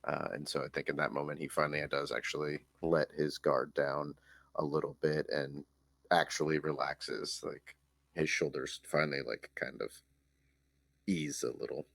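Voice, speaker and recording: A man at a tabletop game, speaking haltingly as his character and then describing what the character does. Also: very deep voice, level tone, vocal fry, a bit bright, no room sound. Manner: hesitant, halting, full of sighs and restarts. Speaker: player. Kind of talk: in-character role-play and table talk.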